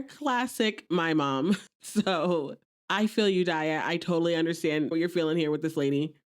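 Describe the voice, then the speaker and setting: A woman hosting a podcast, chatting casually as she recaps an episode and quotes characters playfully. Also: medium pitch.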